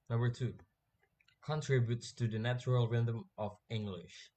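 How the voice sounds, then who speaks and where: Young guy reading his class presentation, slow and careful, trips over words sometimes. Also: mid-range voice, darkish tone. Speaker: student presenter.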